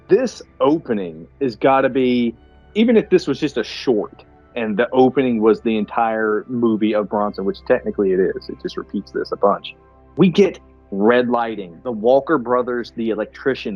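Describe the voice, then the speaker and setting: A man co-hosting a movie podcast, chatting casually over beer, excitable and swearing a lot as he acts out scenes. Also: mid-range voice, no echo, lo-fi sound. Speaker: podcast co-host.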